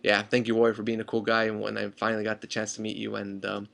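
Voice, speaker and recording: A young man rambles eagerly through a fan story for his vlog, stumbling over restarts and fillers. His delivery is quick, and his voice has a gravelly edge. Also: fairly low pitch, completely flat delivery, a bit bright. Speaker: fan vlogger.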